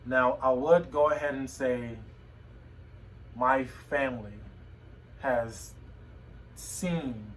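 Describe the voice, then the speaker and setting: A young man talking to a phone camera at home in a personal vlog, emotional and halting, often repeating his words. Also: mid-range voice, fairly bright tone, recorded from a distance, a little hiss or hum, rough recording. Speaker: vlogger. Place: home room.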